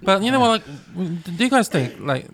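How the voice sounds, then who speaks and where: A man, co-hosting a podcast in casual chat, talking quickly with stumbling restarts. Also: sits high, sing-song, a bit bright, no echo. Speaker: podcast co-host.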